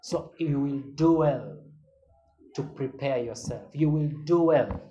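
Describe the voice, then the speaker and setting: Earnest pastor preaching. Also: male voice, mid-range voice, expressive, takes it slowly, dark tone, muffled recording, slight background noise. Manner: earnest, emphatic, repeats a call-and-response refrain. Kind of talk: sermon.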